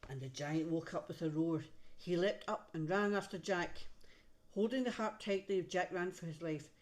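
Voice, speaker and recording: A woman reads a picture book aloud to a child in a low voice. She stops now and then to point out the pictures on the page. The reading is gentle and easy to follow. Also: normal speed. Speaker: reader to a child. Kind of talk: storybook read-aloud.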